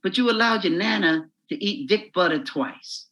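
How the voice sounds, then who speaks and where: A man's voice: high-pitched, expressive, moderate pace, pushed and bright, poor audio. A man voicing a stern male heavenly gatekeeper who reviews a life in a hesitant, bureaucratic way. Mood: judging.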